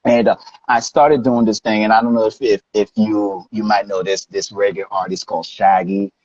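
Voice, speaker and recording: Husky man telling his story. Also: on the low side, little pitch movement, normal speed, a little mellow, lo-fi sound. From Haiti. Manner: rambling, with frequent restarts and "right?" tags. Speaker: interview guest, life coach. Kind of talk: personal storytelling in an interview.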